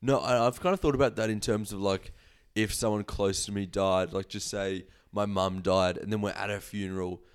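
A young man with a low, gravelly voice full of vocal fry. He talks in a rambling, hesitant way, as if working out his thoughts while speaking. The conversation is relaxed and unscripted. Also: moderate pace. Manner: rambling, hesitant, thinking aloud. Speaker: podcast co-host. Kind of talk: casual chat.

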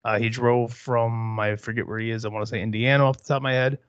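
A man's voice: mid-range voice, little pitch movement, fast, clear, resonant tone, no room sound, muffled recording. A young man hosting a podcast, ranting bluntly about football and swearing freely. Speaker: podcast host. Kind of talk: profane casual monologue.

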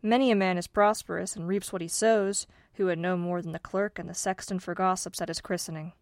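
A woman's voice: on the low side, fairly even intonation, brisk, natural voice. A greedy, impatient young farmer from an old fairy tale, as a woman reading the story puts him on. He sounds eager and demanding, pressing hard for riches. The room is dry, with no echo.

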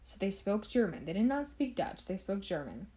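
A woman's voice: mid-range voice, very animated, normal speed, mellow. A woman hosting a podcast, telling a history story in a chatty, casual way with asides to the listener. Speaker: podcast host.

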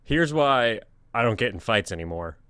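Bright-voiced man bantering on a podcast. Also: fairly low pitch, expressive, normal speed, slight background noise. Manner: laid-back, profane banter. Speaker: podcast co-host. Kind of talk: casual chat.

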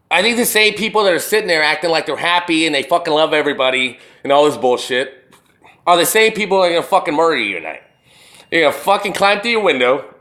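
A man ranting alone in a profane, animated way, firing off rhetorical questions as a show host. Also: high-pitched. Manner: burping. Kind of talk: profane solo rant.

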